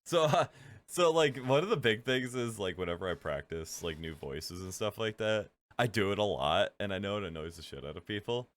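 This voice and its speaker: A man's voice: lowish voice, brisk. A man co-hosting a podcast in casual chat, laid-back and laughing often. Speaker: podcast co-host.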